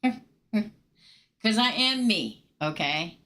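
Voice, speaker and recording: A woman's voice: a little high, slow pace, long pauses, slight background noise. Chatty woman tarot reader. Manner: chatty, animated, swears casually and talks straight to viewers. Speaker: tarot reader hosting a live show. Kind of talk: casual storytelling on a live tarot stream.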